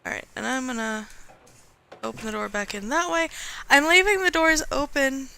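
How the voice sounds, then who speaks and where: A woman's voice: sits high, fairly even intonation, normal speed, creaky, pushed and bright. A woman, chatting casually and playfully as she streams a game. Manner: chatty, playful, talks to herself. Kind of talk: casual gaming commentary.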